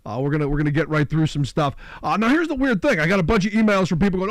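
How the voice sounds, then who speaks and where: Man, radio talk host, high voice, dry close studio sound, conversational and opinionated. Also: expressive, racing, hardly any pauses, no room sound.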